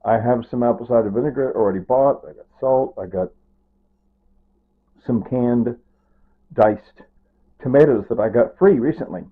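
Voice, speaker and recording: A man's voice: medium pitch, normal speed, pauses often, slightly rough. An older man rambling through a casual vlog monologue, repeating himself and drifting toward grief. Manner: rambling, repetitive, grieving and near tears. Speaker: vlogger. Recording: tinny phone-like sound.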